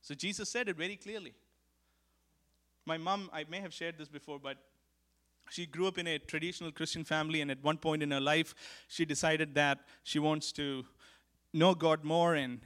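A man preaching a sermon as pastor, earnest and repeating key lines for emphasis, swinging from emphatic calls to hushed, quiet stretches. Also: fairly high pitch, moderate pace.

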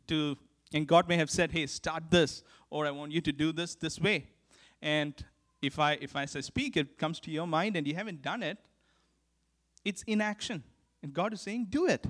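A man preaching a sermon as pastor, earnest and repeating key lines for emphasis, swinging from emphatic calls to hushed, quiet stretches. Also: a little high.

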